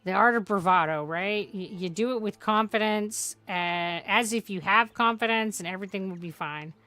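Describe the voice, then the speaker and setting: A woman's voice: medium pitch, moderate pace, bright, forceful tone, no room sound. A woman streamer chatting through a farming game, rambling and joking with plenty of swearing. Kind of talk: casual gameplay commentary.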